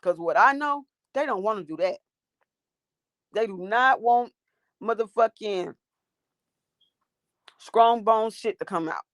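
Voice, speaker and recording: A woman's voice: fairly high pitch, takes it slowly, long pauses, a bit bright, no echo, studio quality. A woman hosting a livestream, ranting and talking back to her chat in a profane, confrontational way. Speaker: livestream host.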